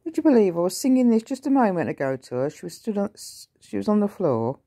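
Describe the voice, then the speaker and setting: A woman's voice: mid-range voice, very animated, fast talker, dark tone, slightly rough, dry recording, studio quality. A woman at home talking baby talk to her cat and singing meows at it. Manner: sing-song meowing and baby talk to a cat. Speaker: pet owner vlogger. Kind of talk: casual talk to a pet.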